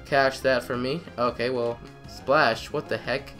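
Excitable young man narrating gameplay. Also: mid-range voice, a little slow, soft background music. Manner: excitable, trash-talking, repeats phrases. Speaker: gamer. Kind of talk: let's play commentary.

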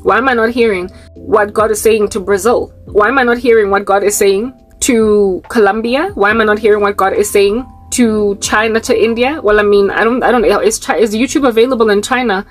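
A woman's voice: mid-range voice, brisk, soft background music. A woman from Africa, delivering a fervent Christian vlog monologue full of rhetorical questions and rambling asides. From South Africa. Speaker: Christian YouTuber.

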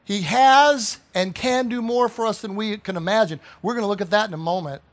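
A pastor preaching a sermon with fervent emphasis, firing off rhetorical questions and quoting scripture. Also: male voice, high-pitched, fairly quick. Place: church sanctuary.

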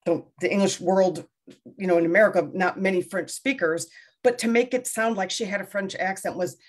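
A woman's voice: mid-range voice, a little fast. Self-deprecating middle-aged woman novelist. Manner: rambling, self-deprecating, frequent restarts. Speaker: debut novelist being interviewed. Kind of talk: casual interview conversation.

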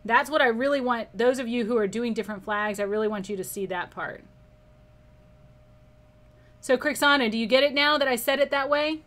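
A woman's voice: on the high side, brisk, pauses often, a bit bright. A woman teaching a live painting class, chatting casually and reading viewer comments aloud with frequent laughter. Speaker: art instructor. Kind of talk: live painting lesson with chat.

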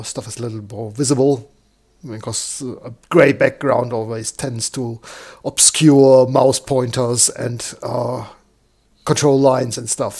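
A man with a croaky, slightly hoarse voice, walking through a software demo live and thinking aloud with lots of fillers. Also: medium pitch. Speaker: software tutorial presenter. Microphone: desktop microphone.

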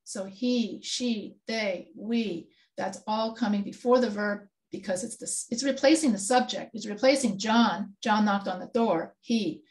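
A woman's voice: mid-range voice, unhurried, hardly any pauses, darkish tone. A woman instructor leading an online grammar review, patiently quizzing students with questions. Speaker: writing instructor. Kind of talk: online class session.

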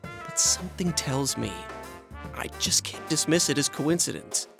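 A man's voice: on the high side, measured pace, creaky, fairly bright tone, soft background music. A man voicing an earnest, determined teenage schoolboy in a video game, talking urgently. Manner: urgent, earnest, talks things through. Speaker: voice actor.

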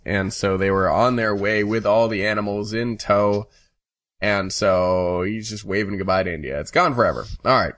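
A man's voice: fairly low pitch, normal speed, fairly bright tone, dry recording, studio quality. A young man reading a novel aloud, then recapping it in loose, casual talk full of fillers. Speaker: book reader and summarizer. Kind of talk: casual read-aloud with chatty summary.

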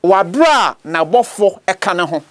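A man with a Ghanaian accent gives a bilingual teaching sermon, slow and deliberate, stressing points with rhetorical questions. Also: sits high, lively intonation, a bit bright. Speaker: preacher and apologist.

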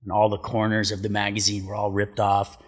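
Brief: middle-aged man, podcast guest, casual storyteller, breathy and low, swears freely. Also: monotone, a little fast. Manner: laid-back, swears a lot, acts out quotes. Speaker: podcast guest, pro surfer. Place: studio.

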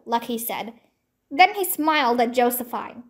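A woman reading a children's mystery book aloud, slow and careful. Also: sits high, lively intonation. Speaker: storybook reader.

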